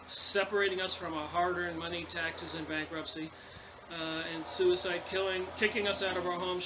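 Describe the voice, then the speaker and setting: A man's voice: sits high, background noise. A man reading from a book and breaking off into long rambling asides, with many fillers and restarts. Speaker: channel host reading and commenting on a book. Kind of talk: casual book commentary mixing reading aloud and rambling asides.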